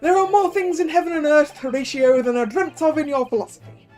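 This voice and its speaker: Lady putting on a hammy posh actor-type guy, all thee and thou, kinda high. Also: fairly quick, darkish tone, faint music behind, lightly acted. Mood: flowery, grandiose. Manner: grandiloquent, archaic. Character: theatrical posh man quoting Shakespeare.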